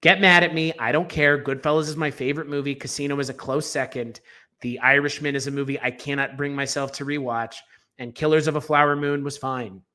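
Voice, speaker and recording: Bright-voiced, emphatic male podcast co-host. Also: mid-range voice, fairly even intonation, a little fast. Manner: emphatic, opinionated, rambling with fillers and restarts. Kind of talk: casual opinionated film discussion.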